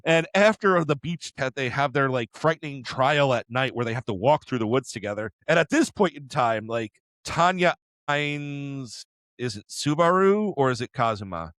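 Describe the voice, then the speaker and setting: A man co-hosting an anime podcast, retelling episodes in an animated way with quick character impressions and frequent laughs. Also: medium pitch, no room sound. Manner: laughs often. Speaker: podcast co-host. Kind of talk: casual anime discussion.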